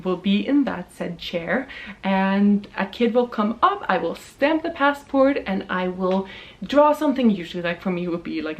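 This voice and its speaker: A young woman from Norway, telling stories in a casual, animated way and laughing often. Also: medium pitch. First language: Norwegian. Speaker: vlogger. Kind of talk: casual storytelling.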